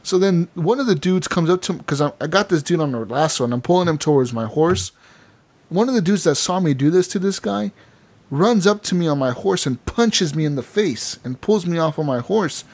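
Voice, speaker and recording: Animated male podcast host telling a story. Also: a little high, a little fast. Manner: animated storytelling with quoted voices and filler words. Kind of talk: casual gaming podcast chat.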